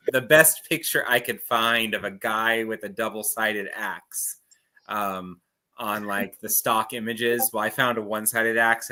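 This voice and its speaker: Brief: male author, player at a tabletop game, chatty and meandering, bright tone. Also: fairly low pitch. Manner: chatty, meandering, frequent fillers. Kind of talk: casual tabletop game chat.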